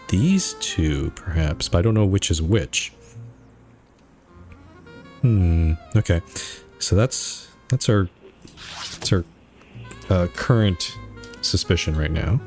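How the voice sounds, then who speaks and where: A low-voiced Canadian man streaming a game, musing and thinking aloud with halting restarts. Faint game music plays behind him. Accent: Canadian English. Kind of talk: casual let's-play commentary.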